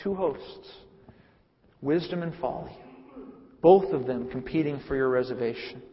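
A man's voice: medium pitch, unhurried, husky. A man preaching a sermon, earnest and emphatic, who repeats phrases for weight. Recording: reverberant hall, muffled sound.

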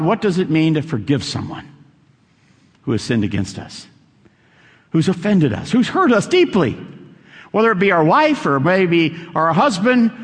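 A man preaching with a somewhat high, very lively voice that swoops up and down. He stresses his points by repeating them, and his words ring out with the long reverb of a large church hall. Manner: emphatic, repeats key lines for stress. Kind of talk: sermon.

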